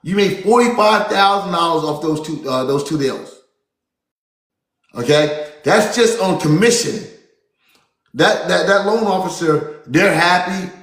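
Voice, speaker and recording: A man giving an energetic, repetitive seminar talk as a real estate business coach, often calling his listeners folks. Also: high-pitched, a little slow, roomy sound.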